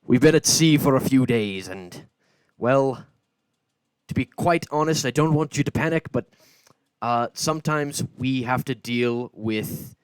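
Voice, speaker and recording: A man voicing a dwarven sea captain in his fifties. The captain makes a loud, rambling announcement full of hesitations. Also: medium pitch, unhurried, dry recording, lightly acted. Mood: reassuring.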